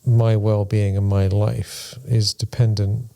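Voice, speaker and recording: A man's voice: on the low side, flat delivery, slow, vocal fry, warm tone. A man co-hosting a spiritual discussion podcast, talking things through thoughtfully and using playful examples. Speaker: podcast co-host.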